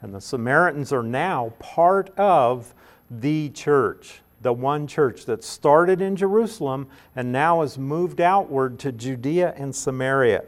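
A man giving verse-by-verse Bible teaching, explaining word meanings carefully and slowing to stress key terms. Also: medium pitch, animated.

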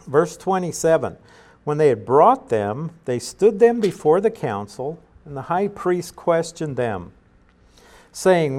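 A middle-aged man giving a verse-by-verse Bible teaching in a measured, explanatory way, with frequent fillers and restarts. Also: fairly high pitch, warm tone.

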